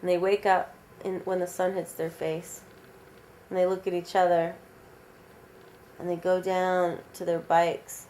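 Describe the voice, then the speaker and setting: A woman telling an original vampire story aloud in a casual, animated, rambling way, with many fillers. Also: lowish voice, measured pace, slight background noise.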